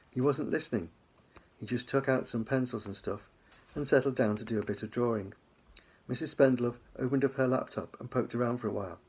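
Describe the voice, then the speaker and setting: A man, an author, reads his children's book aloud in an easygoing storytelling manner, dropping in casual asides. His voice has a gravelly, husky texture. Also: medium pitch, a little fast, a little mellow. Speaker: author leading a writing lesson.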